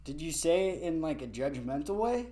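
A young man with a slightly higher pitch than most men chats in a laid-back way. He teases his friend with easy, dry remarks, relaxed and unhurried in casual conversation. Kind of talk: casual chat.

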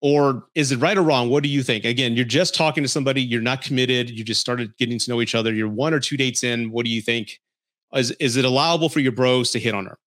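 A man's voice: mid-range voice, fast, a bit bright. A man hosting a podcast, telling frank personal stories in a blunt, profane, casual way. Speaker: podcast host.

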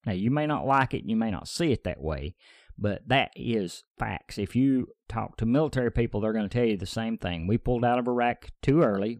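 A man's voice: mid-range voice, a little mellow, dry recording, clean studio sound. Chatty man rambling over the news. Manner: rambling, chatty, offhand asides. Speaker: commentator. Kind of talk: casual commentary on news read aloud.

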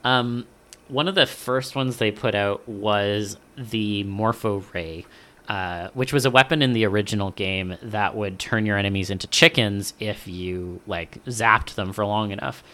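A man co-hosting a podcast in casual chat, animated and swearing often as he acts out lines he quotes. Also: lowish voice, unhurried. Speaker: podcast co-host.

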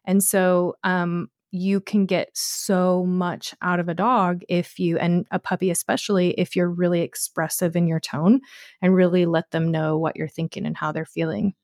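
Expressive woman dog trainer, dry mic. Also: lowish voice, normal speed, dry recording. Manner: expressive, storytelling with voiced puppy calls. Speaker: podcast co-host, dog trainer. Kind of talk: casual podcast chat.

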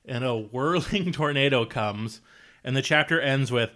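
A man's voice: mid-range voice, unhurried, pushed and bright, faint music behind. A man co-hosting a podcast in casual chat, joking and crude, acting out quotes. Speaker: podcast co-host.

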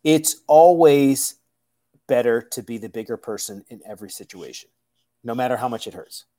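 Male chef in his 30s, blunt and profane, mellow dark tone. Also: mid-range voice, normal speed. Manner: blunt, profane, animated storytelling. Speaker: chef, podcast guest. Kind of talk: casual chat.

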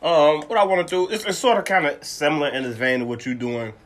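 A man's voice: fairly high pitch, lively intonation, fast talker, fairly bright tone. A man co-hosting a casual chat, bantering playfully and laughing often.

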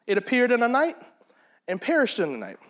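A man's voice: extremely high pitch, huge pitch swings, fairly quick, fairly bright tone. A man teaching a Bible study in a conversational preaching manner. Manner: conversational, acts out quoted voices.

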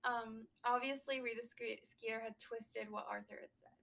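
A young woman co-hosting a casual book podcast, recapping a chapter and riffing with quick asides. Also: fairly high pitch, fairly even intonation, vocal fry, pushed and bright, recorded from a distance, poor audio. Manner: chatty, recaps then riffs with quick asides. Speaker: book discussion podcast host.

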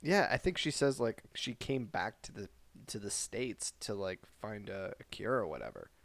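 A man co-hosting a podcast in casual chat, animated and laughing often, with rambling asides. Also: fairly low pitch, normal speed, creaky, dry recording. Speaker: podcast co-host.

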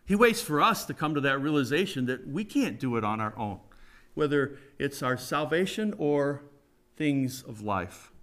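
A man's voice: medium pitch, big pitch swings, normal speed, fairly bright tone. A middle-aged man preaching a conversational sermon, folksy and emphatic, often putting questions to the congregation.

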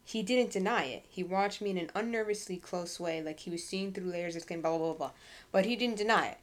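A woman's voice: on the low side, a little fast. A woman co-hosting a podcast about a book, chatting casually and reading passages aloud. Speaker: podcast co-host. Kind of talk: casual book-club chat.

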